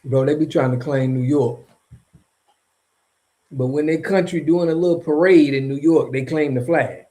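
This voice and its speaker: A man from Florida rants casually to camera in a slangy, rambling way, breaking into chuckles between his points. His voice sits a bit high for a man but sounds soft and warm rather than bright. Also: normal speed. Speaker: vlogger. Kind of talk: casual off-the-cuff commentary.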